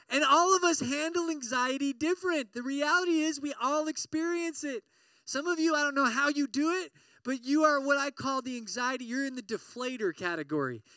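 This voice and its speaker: A man delivering an animated sermon to college students, with a high, bright, clear voice. He questions the crowd directly and acts out their worried inner thoughts. The recording is dry and picked up from a little way off the mic. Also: no echo, far from the mic. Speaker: pastor.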